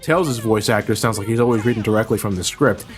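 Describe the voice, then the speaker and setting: A man doing a comedic, scripted video game review voice-over, ranting with plenty of swearing and breaking into sudden exasperated shouts. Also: fairly low pitch, fast, faint music behind.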